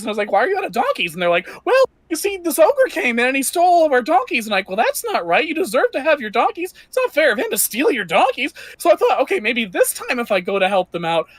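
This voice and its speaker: DM doing a nervous young guy, twenties, pitched up, stammers and rambles nonstop, swings all over. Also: no room sound. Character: nervous young man in his twenties, bumbling.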